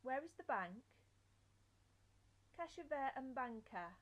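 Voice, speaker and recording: Slow, careful young woman learner. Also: sits high, very animated, muffled recording. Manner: slow, careful drill of phrase pairs. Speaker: language learner. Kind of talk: reading out phrases and their translations.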